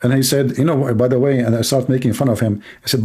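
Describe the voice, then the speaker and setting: A man's voice: mid-range voice, lively intonation, very fast, hardly any pauses, a little mellow, slightly rough. A man hosting a livestream, telling stories casually in broken English with a mocking tone. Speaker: livestream host.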